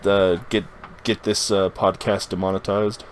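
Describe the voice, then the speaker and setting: A man's voice: fairly low pitch, level tone, normal speed, a little hiss or hum. A man co-hosting a casual podcast chat, teasing his friends with crude jokes. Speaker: podcast co-host.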